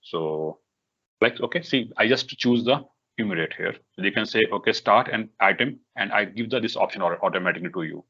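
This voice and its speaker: Man, low voice, bright forceful tone, live software tutorial, halting with many fillers, dull lo-fi recording. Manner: halting, many fillers and restarts, repeats "okay". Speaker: workshop instructor.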